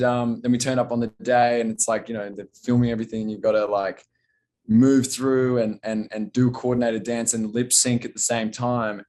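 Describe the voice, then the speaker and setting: Young actor, casual interview guest, eager storyteller, middle pitch. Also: male voice. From Australia. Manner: rambling, excited storytelling that trails off quietly.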